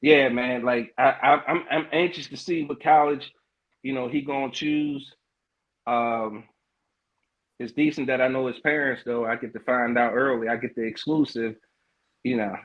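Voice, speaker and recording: A middle-aged man hosting a podcast livestream in casual chat, loose and hyped, with lots of slang, fillers and quick laughs. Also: medium pitch, steady tone, muffled recording. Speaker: podcast host.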